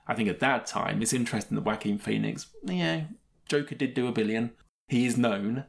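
A man's voice: mid-range voice, fairly quick, vocal fry. A man co-hosting a film podcast in a casual, rambling, digressive way, often chuckling between points. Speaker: podcast co-host and film reviewer.

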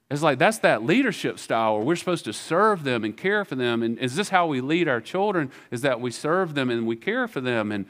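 During his sermon, the pastor, who has a Southern American accent, animatedly and casually voices characters from biblical dialogue. His pitch is fairly high.

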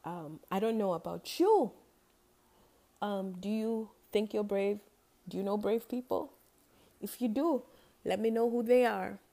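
A woman's voice: medium pitch, steady tone, measured pace, creaky, pauses often, dark tone. A woman hosting her own podcast, talking casually and playfully and laughing at her own jokes. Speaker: podcast host. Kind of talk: casual solo podcast talk.

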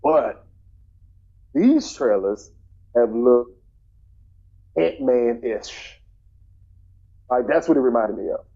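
Man, casual film podcast co-host, blunt and repetitive, mellow voice, muffled lo-fi audio. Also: medium pitch, lively intonation, slow, long pauses. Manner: blunt, opinionated, repeats himself. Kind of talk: casual movie chat.

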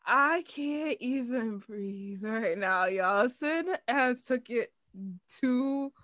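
A woman co-hosting a podcast in casual chat, expressive and exclaiming often. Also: a little high, no room sound. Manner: expressive, exclaiming, quick laughs. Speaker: podcast co-host.

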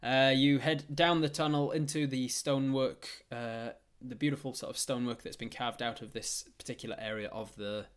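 A man's voice: mid-range voice, steady tone, moderate pace, hardly any pauses, clean tone. A man narrating a tabletop game as game master, rambling with frequent fillers and restarts.

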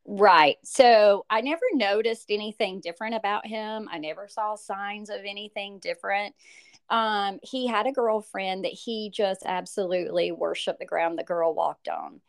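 Middle-aged woman guest, emotional storytelling voice, mid pitch, halting and animated. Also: creaky. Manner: animated, acts out quoted voices, halting with fillers. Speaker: bereaved mother, guest.

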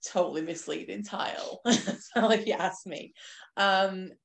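A woman's voice: mid-range voice, measured pace, creaky. Chatty woman film podcaster. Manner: chatty, animated retelling, frequent restarts. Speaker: podcast co-host. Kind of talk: casual chat.

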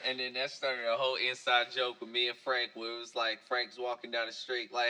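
A young man hosting a podcast in casual, joking chat, animated and fond of silly put-on voices. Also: medium pitch, fairly quick, hardly any pauses. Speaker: podcast host.

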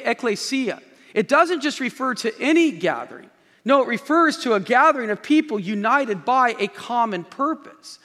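A man's voice: very high-pitched, sharp tone. A male pastor giving an emphatic sermon from the stage of a large church, repeating key phrases and speaking directly to the congregation. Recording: long reverb of a large hall.

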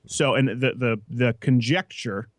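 A man hosting a casual political talk show, brash and mocking, talking fast. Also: medium pitch, no room sound, studio quality. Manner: brash, quick, mocking, with put-on voices. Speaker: podcast host.

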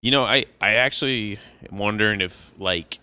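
A man's voice: fairly low pitch, normal speed, sharp tone, clear, resonant tone, dry recording. A man chatting casually on a podcast, rambling through long stories and laughing at his own jokes. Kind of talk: casual chat.

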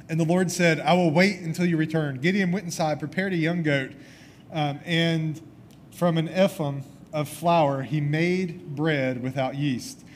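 A man delivers a sermon and retells a scripture story with animated flair. He jumps into the characters' lines as he goes. His voice sits a little high for a man, and a faint low rumble runs underneath. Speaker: preacher.

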